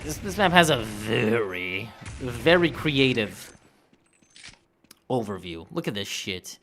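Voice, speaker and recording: A man's voice: mid-range voice, big pitch swings, slow pace, fairly bright tone. A man giving casual, profane gameplay commentary with drawling, mumbled asides. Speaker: gaming youtuber.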